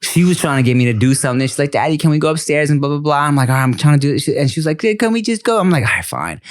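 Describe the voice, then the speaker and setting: A man's voice: a little high, rapid-fire. A man hosting a podcast in casual chat, telling stories and acting out the dialogue in them. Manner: animated storyteller acting out dialogue. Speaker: podcast host.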